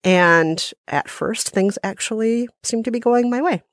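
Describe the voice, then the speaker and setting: A woman co-hosting a podcast, telling stories in an animated, self-mocking casual chat. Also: a little high, measured pace, dry recording, studio quality. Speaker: podcast co-host.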